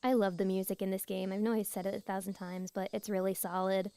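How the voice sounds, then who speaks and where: A young woman streaming a visual novel, reading narration aloud softly and chatting with giggles in between. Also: medium pitch, level tone, quick pace, creaky, clear, resonant tone. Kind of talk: reading a game aloud with casual commentary. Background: game music.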